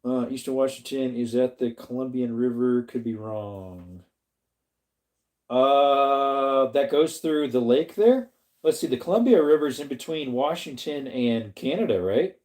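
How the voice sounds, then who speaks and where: A man's voice: mid-range voice, measured pace, darkish tone. A middle-aged man from Arizona hosting a casual livestream, rambling and chatty as he reads viewers' comments, laughs often and greets them by name. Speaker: livestream host reading chat.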